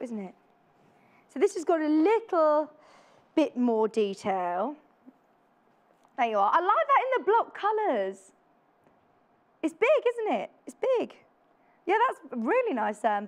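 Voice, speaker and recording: A woman's voice: high-pitched, very animated, moderate pace, long pauses. A woman presenting a live TV shopping demonstration in a studio, chatty and upbeat, often putting questions to the viewer.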